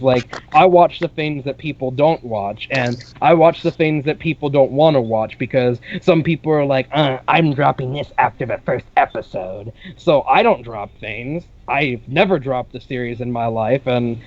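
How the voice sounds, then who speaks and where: A man's voice: mid-range voice, moderate pace, hardly any pauses, darkish tone, lo-fi sound, a little hiss or hum. A young man co-hosting a podcast, telling a long story in a rambling way, with lots of "like" and casual swearing. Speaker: podcast co-host.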